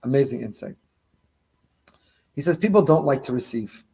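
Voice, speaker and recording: A middle-aged man, a rabbi, preaching on the weekly Torah portion with lively, dramatic delivery and Hebrew quotations. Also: medium pitch, normal speed, creaky, slightly rough. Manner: animated preaching, acting out imagined dialogue, mixing in Hebrew quotations.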